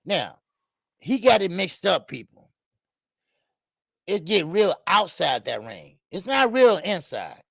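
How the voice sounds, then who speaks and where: A man hosts a live-streamed boxing show in a high, gravelly voice that leaps up and down. He talks loosely and slangily with laughing asides, and the sound is close and dry with no room echo. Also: sing-song, takes it slowly, pauses often, a bit bright. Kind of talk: live-streamed commentary and chat.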